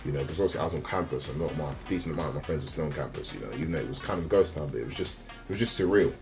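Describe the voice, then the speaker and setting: A young man from South West talks to his livestream viewers in a loose, slangy ramble. His voice sits very low, and his sentences often break off and restart. Faint radio music plays in the background. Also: rapid-fire, a little mellow. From South West London. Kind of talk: casual livestream chat.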